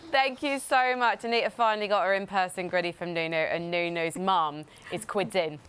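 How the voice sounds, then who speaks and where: A woman's voice: lowish voice, normal speed, fairly bright tone, clear, resonant tone. A woman presenting a sports broadcast in a chatty, enthusiastic way.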